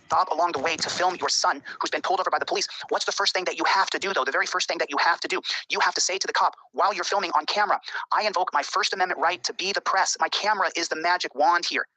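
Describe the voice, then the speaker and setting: A man's voice: high voice, rapid-fire, pushed and bright, dry recording, rough recording. An American man ranting to his camera about his rights, preachy and insistent. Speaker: online video host lecturing on rights. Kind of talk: rapid rant to camera.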